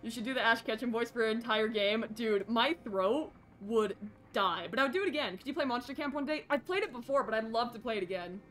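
A woman's voice: a little high, a little fast, a bit bright. A young woman streaming a horror game live, jittery and self-deprecating, chatting with her viewers. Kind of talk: casual live gameplay commentary.

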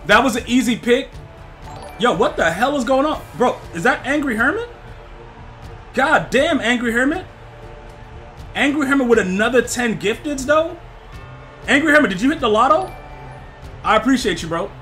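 A young man streaming a football video game live, chatting with his viewers, excitable and slangy, often repeating himself. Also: very high voice, moderate pace, long pauses, faint music behind.

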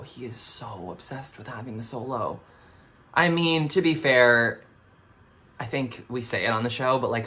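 Animated, bright-voiced Canadian man. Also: medium pitch. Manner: animated, self-mocking, exclamatory. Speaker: actor reacting to his old show. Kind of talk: casual reaction commentary.

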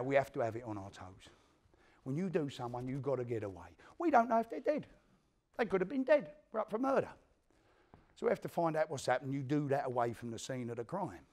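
A man playing an East End career criminal in a one-man stage play, telling his violent story in coarse, swearing East London street talk and acting out what others said. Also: mid-range voice. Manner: animated storyteller who acts out the quotes of others. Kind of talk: theatrical monologue to a live audience.

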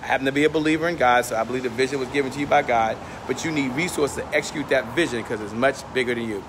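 The background is noisy as a man walks near a hotel, vlogging live into the phone in his hand. He talks rapid-fire in a mid-range voice, staying upbeat and motivational despite being slightly out of breath.

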